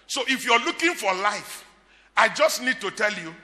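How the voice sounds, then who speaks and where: A Nigerian man preaching a sermon, emphatic and repetitive, with shouted peaks. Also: very high-pitched, lively intonation, a little fast. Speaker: pastor. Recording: echoey hall reverb.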